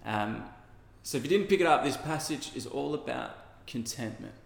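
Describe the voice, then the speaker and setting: A man's voice: mid-range voice, lively intonation, normal speed, gravelly. A male pastor preaching a sermon in an earnest, conversational way with casual asides. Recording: echoey hall with long reverb.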